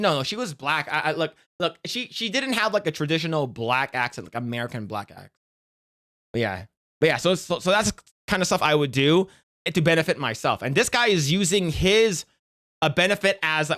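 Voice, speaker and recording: A man's voice: a little high, lively intonation, brisk, fairly bright tone. A man hosting a stream, reacting and telling stories in casual, rambling, profane chat full of fillers. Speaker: streamer host.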